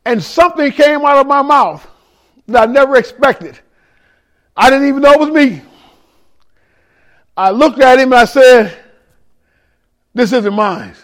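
A man in ministry giving a testimony sermon, telling his story in a raw, emotional, street-casual way, rising to shouts and speaking directly to the room. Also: extremely high pitch, lively intonation, normal speed, pauses often. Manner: addresses listeners directly in the room.

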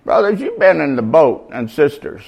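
A man's voice: a little high, huge pitch swings, moderate pace, creaky, a little mellow, husky. A middle-aged man preaching an informal, slangy sermon at a recovery meeting, shifting from easy talk to emphatic bursts.

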